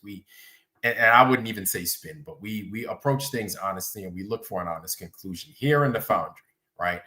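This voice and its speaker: A man's voice: mid-range voice, fairly bright tone. A man hosting a livestream, chatting casually, rambling and greeting viewers by name. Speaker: livestream host.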